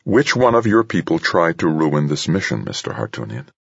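A man's voice: a bass voice, very animated, moderate pace, vocal fry, husky, no room sound, lo-fi sound, heavily acted. A man reading the lines of a stern, cool woman air force colonel in a clipped, insistent way, in a storybook recording.

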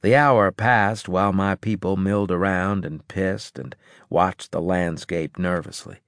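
A man reading a first-person science fiction audiobook in a gruff, clipped way. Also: deep voice, steady tone, a little slow, a bit bright, no room sound, studio quality. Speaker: audiobook narrator.

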